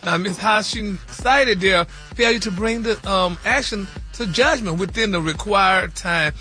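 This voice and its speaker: Guy doing radio gossip news, high bright voice, sing-song, y'all and honey every line. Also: unhurried, faint music behind. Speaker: radio show celebrity news host. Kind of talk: radio morning show gossip banter.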